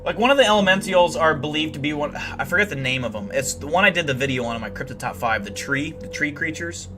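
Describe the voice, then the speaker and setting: A young man hosting a livestream, telling deadpan, boastful tall tales in a rambling way full of fillers. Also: fairly high pitch, fast, music in the background. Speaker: livestream host. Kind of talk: comedic in-character livestream storytelling.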